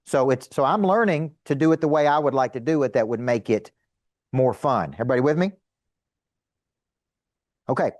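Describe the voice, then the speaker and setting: A middle-aged man teaching a seminar to a live audience as a sales coach, energetic and emphatic, asking rhetorical questions. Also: medium pitch, moderate pace, long pauses, dry recording.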